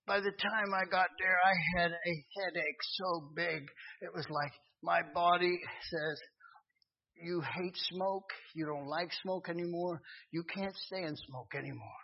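A middle-aged man preaching a sermon, telling a personal testimony and swinging from hushed to loud. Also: sits high, fairly even intonation, a little slow, gravelly. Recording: dull lo-fi sound.

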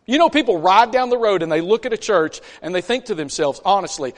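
A man preaching a conversational sermon in a church, folksy and animated, with chatty asides between scripture readings. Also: high-pitched, brisk. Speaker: pastor. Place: church sanctuary. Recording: long church reverb.

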